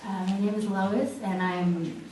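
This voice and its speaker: A young woman speaks haltingly at a memorial viewing, full of fillers and restarts as she gives a eulogy. She is recorded from far off in a very echoey hall, with faint noise behind her. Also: medium pitch, fairly even intonation, dark tone. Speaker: granddaughter giving a eulogy.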